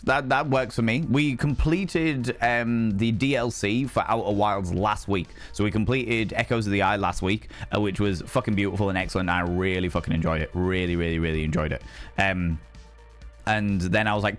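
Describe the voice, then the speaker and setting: A man's voice: fairly low pitch, normal speed, faint music behind. A man with a Yorkshire accent chatting casually and swearing often on a live stream, laughing easily.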